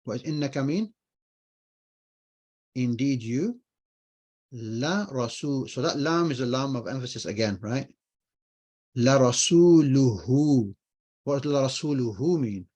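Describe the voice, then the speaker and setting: A man's voice: mid-range voice, lively intonation, moderate pace, a little mellow, slightly rough. Man teaching an online language class. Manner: explains patiently, repeats phrases, asks and answers his own questions. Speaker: Arabic teacher.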